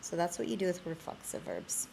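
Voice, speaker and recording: A woman teaching a Spanish lesson in a screencast, explaining slowly. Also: on the low side, wildly swooping pitch, gravelly, warm tone, a little hiss or hum.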